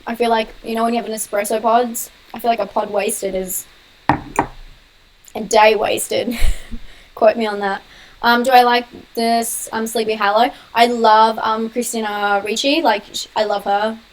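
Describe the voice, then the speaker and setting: Hosting a relaxed live Q&A for her horror channel, a young woman with a slightly high voice and fairly even intonation speaks quickly. She laughs often and responds to viewers' comments, though the recording quality is low.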